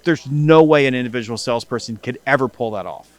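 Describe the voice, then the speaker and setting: A middle-aged man, a podcast guest, telling animated stories in casual interview talk and acting out bits of dialogue, with frequent restarts. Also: medium pitch, fast talker. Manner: animated storyteller who acts out dialogue, with many restarts. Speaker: guest, sales company CEO and author.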